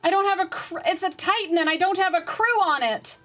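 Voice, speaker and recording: A woman live-streaming a game, chatting with her viewers and getting excitable during play. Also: very high-pitched, brisk, faint music behind. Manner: chatty, excitable, talks to chat. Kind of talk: live-stream gaming chat.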